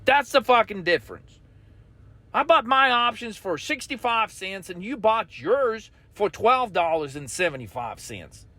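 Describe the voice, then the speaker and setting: A man's voice: high-pitched, very animated, a little slow, bright, forceful tone, dry recording. A man hosting a trading channel, delivering a blunt, intense, profanity-laced rant to his viewers.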